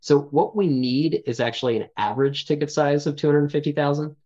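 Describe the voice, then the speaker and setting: A man's voice: on the high side, brisk, a little mellow. Man, founder guest, casual interview, thoughtful explaining, lo-fi sound. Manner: thoughtful, explanatory, frequent fillers. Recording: slightly dull lo-fi audio.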